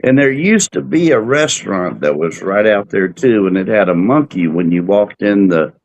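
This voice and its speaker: A man's voice: fairly low pitch, animated, normal speed, creaky, highs cut off. A man co-hosting a casual cruise chat show, telling rambling stories. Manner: rambling storyteller. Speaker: podcast co-host.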